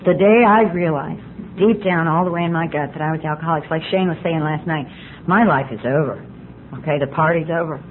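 A woman's voice: low-pitched, a little fast. A woman speaking at a recovery meeting, telling her personal story with candid, self-mocking humor. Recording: tinny phone-like line with faint hiss.

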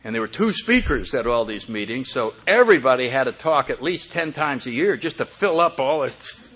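A man's voice: medium pitch, lively intonation, brisk, fairly bright tone, breathy edge. An older man telling a humorous personal story as a speaker at a recovery meeting, often chuckling as he talks.

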